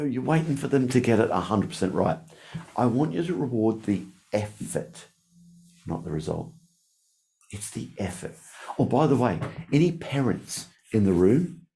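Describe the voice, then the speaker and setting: A man's voice: mid-range voice, gravelly. A man giving a live sales training talk, acting out the voices of the people he quotes. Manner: animated, acts out quoted voices.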